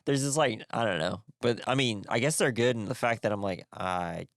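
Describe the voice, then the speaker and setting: A man's voice: fairly low pitch, normal speed, no room sound, studio quality. Laughing man recapping a film. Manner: animated recapping, acts out scenes with shouting and laughing. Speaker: podcast co-host. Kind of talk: casual movie podcast chat.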